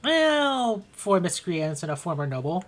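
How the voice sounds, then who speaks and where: A woman's voice: lowish voice, very animated, unhurried. A woman playing a blunt, weary noblewoman. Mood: dry. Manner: dry and blunt. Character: blunt, weary female house official.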